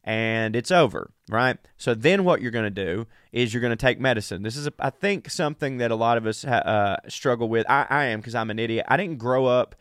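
A sick man from the American South talks in a crude, rambling, self-deprecating comic monologue, a little out of breath. His voice sits at an ordinary pitch for a man. The sound is dry and close, with no room echo. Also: brisk, hardly any pauses, fairly bright tone, smooth. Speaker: podcast host. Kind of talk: casual comedic monologue.

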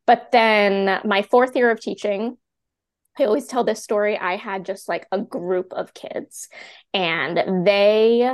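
A woman in her thirties, a teacher and classroom coach, telling her story as a podcast guest in a chatty, animated way full of "like" fillers. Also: medium pitch, slow pace. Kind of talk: candid personal storytelling in a podcast interview.

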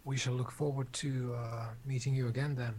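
A man role-playing his character at a tabletop game in a measured, formal, stiff way. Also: mid-range voice, little pitch movement, a little mellow, a little hiss or hum. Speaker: player.

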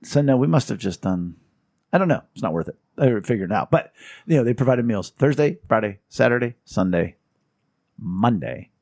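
Husky-voiced man telling wry family stories. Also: mid-range voice, normal speed, no room sound, studio quality. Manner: storytelling, wry humor, animated quoting. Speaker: podcast host. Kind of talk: casual chat.

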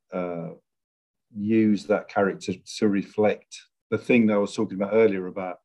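Fairly low in pitch and darkish in tone, this middle-aged man is a screenwriter being interviewed conversationally. He speaks reflectively and with measure, hunting for the right words.

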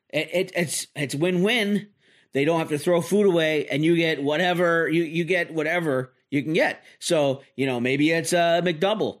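A man in his forties running a solo podcast, joking his way through a loose, rambling monologue. He pokes fun at himself as he goes. His voice sits a bit higher than most men's. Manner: rambling, self-deprecating joking. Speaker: podcast host. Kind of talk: casual comedic monologue.

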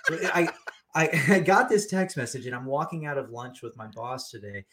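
A man's voice: medium pitch, moderate pace. A young adult man from the United States, co-hosting a podcast in casual chat, telling stories with lots of laughter. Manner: animated storytelling, laughs often. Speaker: podcast co-host.

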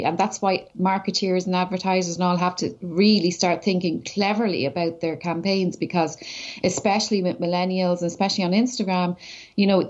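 An Irish woman, a social media entrepreneur, chatting as a guest and telling animated anecdotes in a casual, talkative way. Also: mid-range voice. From Ireland. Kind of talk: casual conversational storytelling. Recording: slightly dull lo-fi audio.

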